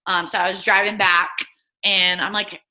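A woman in her twenties, a guest, telling a story casually and in an animated way, acting out quotes. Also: moderate pace. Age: 20s. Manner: animated, acts out quotes in a higher voice. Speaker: guest, drafted athlete.

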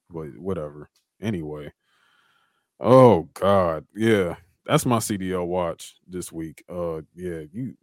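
Ranting low-voiced man, dry sound. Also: dry recording. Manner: ranting, swears heavily, repeats himself. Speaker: podcast co-host. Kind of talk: casual profane chat.

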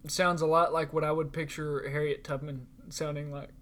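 A man's voice: on the high side, flat delivery, moderate pace, fairly bright tone. A young man co-hosting a podcast, easygoing and chatty in casual conversation. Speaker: podcast co-host. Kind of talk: casual chat.

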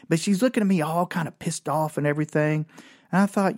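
A man's voice: fast, no echo, studio quality. A man telling a rambling, self-mocking comic story in a monologue. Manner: rambling, self-mocking, with animated swings in pitch. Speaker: comedian and storyteller.

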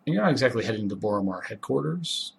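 A man running a tabletop game as game master, calmly and easily describing scenes and calling for rolls. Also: mid-range voice, fast talker, gravelly, a little hiss or hum.

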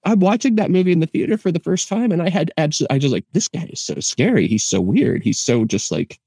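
A man co-hosting a casual film podcast, telling stories in a relaxed, amused way. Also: fairly high pitch, brisk, creaky, husky, no echo. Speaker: podcast co-host.

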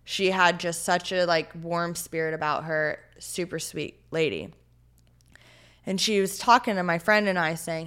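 A young woman in her twenties with a notably low voice talks through a story in a relaxed interview. She is earnest and heartfelt, and her speech is loose and full of "like" and "you know.". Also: moderate pace, clear, resonant tone. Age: 20s. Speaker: podcast guest.

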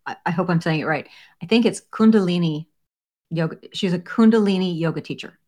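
A co-host on a podcast who mostly chimes in with quick, encouraging replies. Every so often they tease the host lightly. The voice sits at a middle pitch. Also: a little mellow. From Scottish heritage. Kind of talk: casual chat.

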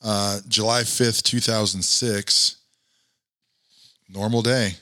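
Middle-aged male guest; earnest, reflective storyteller, bright tone, slightly low. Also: fairly even intonation, slow pace, dry recording, studio quality. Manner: earnest, reflective, many fillers. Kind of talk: personal storytelling in an interview.

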